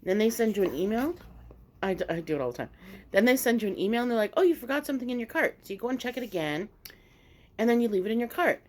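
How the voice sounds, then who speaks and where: A woman vlogger telling a story in casual mukbang chat, animated and swearing freely. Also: medium pitch, fast talker.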